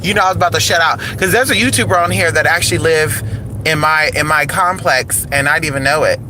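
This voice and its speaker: Man, animated sassy car vlogger, higher voice, traffic audible behind. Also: fast talker. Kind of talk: casual car vlog. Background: road traffic.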